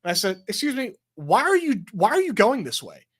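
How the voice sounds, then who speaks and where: Animated storytelling man with a lively pitch. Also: fairly quick, breathy edge. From Texas. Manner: animated storyteller, swears, many likes and restarts. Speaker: podcast co-host. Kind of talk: casual chat, storytelling.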